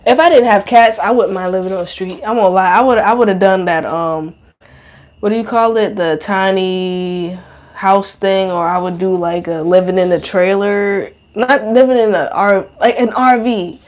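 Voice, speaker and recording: A woman's voice: mid-range voice, normal speed, a little mellow. A young adult woman hosting a podcast, rambling in a casual monologue, slangy and profane, full of fillers. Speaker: podcast host.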